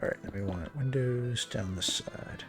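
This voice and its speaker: A man streaming a building game, thinking aloud in a relaxed, muttering way as he works. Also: medium pitch, normal speed, over music. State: hiccuping. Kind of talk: casual game commentary while building.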